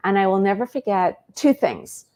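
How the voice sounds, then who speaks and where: A woman, a guest on an interview show, telling a personal story in an animated way and acting out bits of dialogue. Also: medium pitch, moderate pace.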